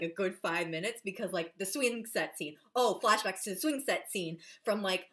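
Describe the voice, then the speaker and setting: A woman in a casual reaction vlog, gushing and excitable about an episode, full of "like" fillers. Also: medium pitch. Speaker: vlogger reviewing a TV episode.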